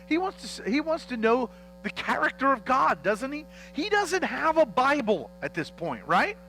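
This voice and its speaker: A man preaching a teaching sermon as pastor, animated and joking as he acts out the dialogue of a Bible story in church. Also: very high-pitched, normal speed, soft background music, poor audio.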